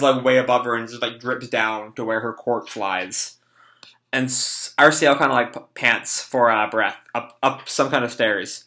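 A man's voice: mid-range voice, bright, forceful tone. A young man reading and reacting to a manga chapter in casual, rambling talk with swearing and lots of fillers.

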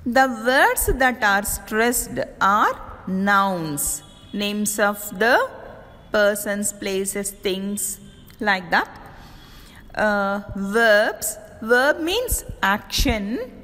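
Slow, lively-voiced woman teaching phonetics. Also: medium pitch, big-room sound. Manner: slow, deliberate explaining, spelling words out. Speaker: college English teacher. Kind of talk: recorded classroom lecture.

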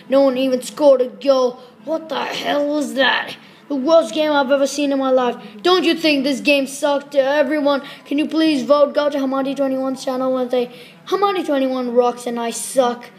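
A woman improvising a silly comic sports skit, rambling fast and squealing cheers. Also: high-pitched, darkish tone. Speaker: comedy video maker.

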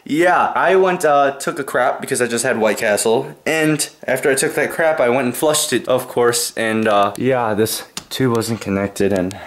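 A man's voice: mid-range voice, normal speed, hardly any pauses. A teenage guy vlogging at home on a handheld camera, chatty and goofy, boasting jokingly and rambling between topics. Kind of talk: casual vlog chat. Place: at home indoors.

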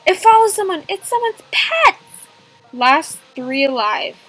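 A woman giving playful, excitable commentary while playing a game, gasping and joking as she goes. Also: very high-pitched, slow, faint music behind. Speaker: gamer.

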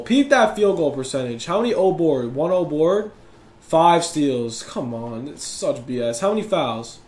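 Loud competitive young gamer guy. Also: on the high side, animated, a little slow, reverberant. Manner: competitive, yells and complains at opponent. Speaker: gaming YouTuber. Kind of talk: live gameplay commentary.

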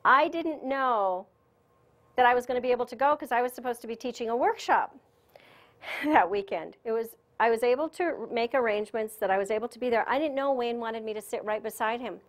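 Woman lecturer, a bit higher voice, lively storyteller who laughs easily, speaking to a conference room. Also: a little fast. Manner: chatty, animated storyteller who laughs often. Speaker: spiritual teacher giving a lecture.

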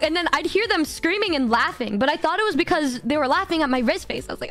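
Woman streamer in her 20s, high bright voice, giggly, swears a lot, stumbles over words, soft music under her. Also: animated, quick pace, hardly any pauses. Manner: giggly, swears freely, stammers and repeats words. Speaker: vtuber streamer. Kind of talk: casual storytelling chat.

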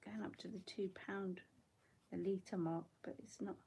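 A woman's voice: medium pitch, steady tone, moderate pace, creaky, dark tone, breathy edge. A middle-aged woman chatting casually while she paints in her bedroom, rambling and laughing often. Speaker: watercolour artist.

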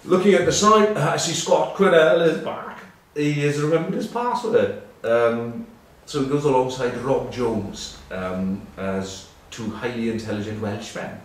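A man's voice: medium pitch, normal speed, hardly any pauses. Rambling man in an echoey room. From England. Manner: rambling, dry self-mocking humour, many ums and uhs. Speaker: former rugby captain presenting a web news piece. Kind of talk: casual anecdotal monologue. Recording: very echoey room, mic far off, faint background noise.

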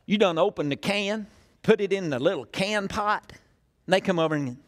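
A man's voice: sits high, normal speed. An older man, preaching a sermon in a church in a folksy storytelling way full of questions to the crowd. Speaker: pastor.

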